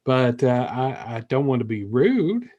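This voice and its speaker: A man doing a prim, genteel gentleman. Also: medium pitch, sing-song, unhurried, muffled recording. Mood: polite. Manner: put-on genteel accent, hesitant.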